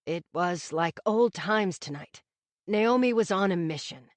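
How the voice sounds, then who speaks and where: A woman reading an audiobook voices a reserved older male CEO father, speaking slowly in measured, clipped phrases. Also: lowish voice, lively intonation, dry recording. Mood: dry.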